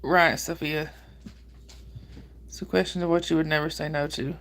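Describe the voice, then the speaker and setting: A woman, hoarse from a cold, chatting casually with viewers on her livestream and greeting them by name. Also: deep voice, steady tone, normal speed, fairly bright tone. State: hoarse with a cold and sore throat. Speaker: livestream host. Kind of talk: casual live chat with viewers.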